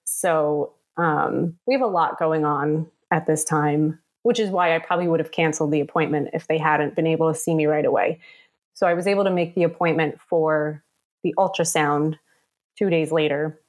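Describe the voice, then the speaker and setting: A woman in her thirties with a slightly low voice tells her own story in a relaxed, chatty way. She fills it with "um" and "like" and briefly acts out the other people's voices as she goes. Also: normal speed. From New York area. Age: 30s. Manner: chatty, many fillers, acts out quoted voices. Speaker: guest telling her story. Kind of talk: casual personal storytelling.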